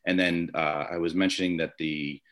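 A man's voice: low-pitched, steady tone, moderate pace, fairly bright tone. A man from the Chicago area, a former umpire, telling stories in an interview from his home office, with rambling restarts and fillers. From Chicago area, USA. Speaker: guest, former baseball umpire. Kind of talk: conversational storytelling interview.

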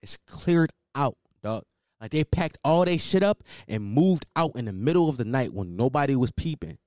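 A man's voice: mid-range voice, expressive, moderate pace, a little mellow, no room sound, studio quality. A man, podcast host telling a story in a casual, heated way, swearing and repeating himself for emphasis.

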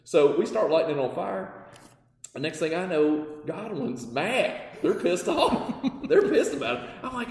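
A man telling lively business stories as a podcast guest, acting out the dialogue. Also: high voice, a little slow, creaky. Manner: animated storyteller, acts out dialogue, laughs often. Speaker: guest, parts company owner. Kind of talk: casual storytelling in a podcast interview. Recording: roomy with long reverb.

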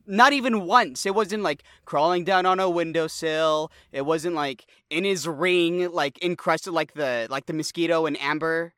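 High bright guy on a podcast, mocking the plot, kinda incredulous. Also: measured pace, few pauses, smooth, no echo, studio quality. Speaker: podcast co-host. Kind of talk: casual movie review chat.

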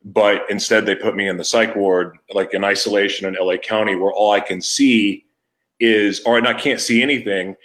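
A man's voice: lowish voice, fairly even intonation, moderate pace, fairly bright tone. A man hosting his own podcast, telling a raw personal story in a candid, emotional way, with frequent restarts and trailing thoughts. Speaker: podcast host.

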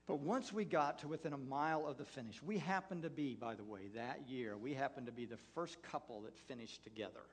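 A man, a pastor, preaching a sermon through a personal story, halting with many fillers and restarts. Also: medium pitch. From United States.

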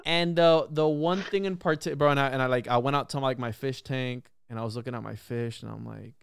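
A man in a casual podcast conversation, telling a story in an animated, profane way, full of "bro" and "like". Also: medium pitch, brisk, vocal fry, smooth, no echo, clean studio sound. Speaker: podcast guest or host.

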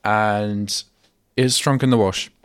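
A man's voice: on the low side, fairly even intonation, takes it slowly, clear, resonant tone, no echo, clean studio sound. Rambling young man on student radio. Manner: rambling, self-interrupting, chatty. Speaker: radio host. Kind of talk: casual solo radio chat. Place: radio studio.

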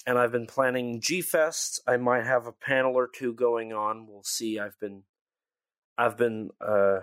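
A man's voice: mid-range voice, steady tone, a little slow. A tired man co-hosting a podcast, chatting casually with lots of fillers and restarts. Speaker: podcast co-host. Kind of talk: casual chat.

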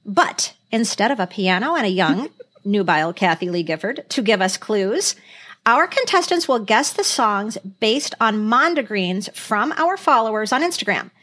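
A woman's voice: medium pitch, very animated, normal speed, a bit bright. A woman hosting a casual podcast game, laughing often and sounding exasperated. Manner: giggly, exasperated. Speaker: podcast host.

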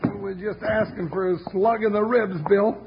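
A man with a high, raspy voice playing a jovial, excitable sidekick in 1950s radio acting, on a lo-fi transcription. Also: moderate pace, noisy background, lightly acted. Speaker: comic sidekick Jingles.

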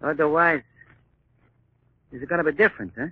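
An actor playing a rough male henchman in a 1940s radio drama, with coarse ungrammatical speech. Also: fairly high pitch, brisk. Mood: menacing. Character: rough male henchman and animal trainer, crude. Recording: dull old radio broadcast with hiss.

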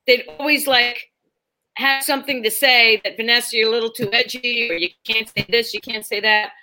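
A woman's voice: fairly high pitch, a little fast, poor audio. A middle-aged woman, a stand-up comedian, telling a story casually and acting out the people in it. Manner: animated, acts out quotes in the story.

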